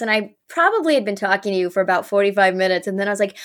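A woman hosting a podcast she created, chatting in a casual, upbeat way with quick asides. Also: medium pitch, fairly bright tone. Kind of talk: casual interview chat.

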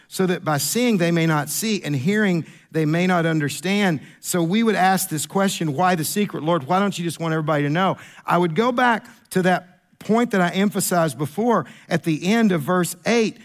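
A man preaching a sermon as pastor, emphatic and repetitive, restarting phrases, moving between a raised voice and a hushed one. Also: sits high. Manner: emphatic, repeats phrases and restarts, swings from raised voice to near whisper.

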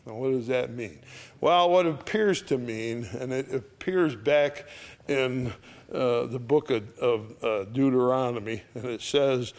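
A man preaching a verse-by-verse sermon in casual, homespun speech, checking in with "all right?" and reading scripture louder and quicker than his comments. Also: mid-range voice.

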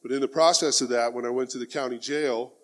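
A man's voice: mid-range voice, fairly even intonation, fast, a bit bright. Earnest middle-aged man giving testimony. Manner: heartfelt and plainspoken, often says "man". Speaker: speaker giving personal testimony.

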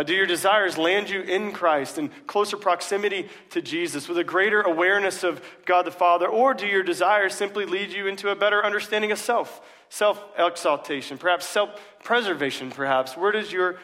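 A man preaches in a church sanctuary in a loose, conversational way, with easy jokes and frequent "uh" fillers. His voice sits a little high for a man. The sound trails off in the long reverb of a large hall. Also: bright, forceful tone. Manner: casual, joking, many "uh" fillers. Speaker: pastor. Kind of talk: sermon.

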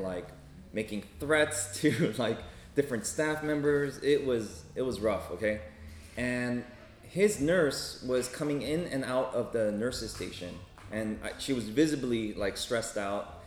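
A man who works as a hospital chaplain, telling a story to a group in a casual way and often checking in with "right?" and "okay?". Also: medium pitch. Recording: roomy echo with faint ambience.

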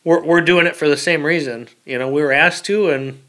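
A man, a military veteran, talking plainly in a casual interview, halting with fillers and repeated words. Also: on the high side, fairly even intonation, pushed and bright.

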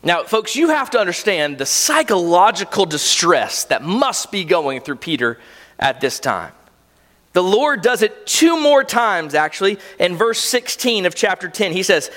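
Male pastor preaching, high lively voice, bright tone, big hall reverb. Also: measured pace. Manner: animated, vivid storytelling preacher. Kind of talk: sermon.

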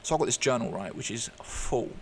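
A man's voice: mid-range voice, lively intonation, slight background noise. A man, a podcast guest, telling a candid personal story in an earnest, open way, often restarting his sentences. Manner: halting, frequent restarts and fillers.

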